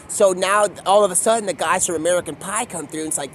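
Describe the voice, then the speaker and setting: A man's voice: high-pitched, fast, hardly any pauses, a bit bright. Rambling man outdoors, traffic behind. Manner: rambling, quotes people in voices, drifts between topics. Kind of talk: rambling stream-of-consciousness storytelling. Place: outdoors by a street.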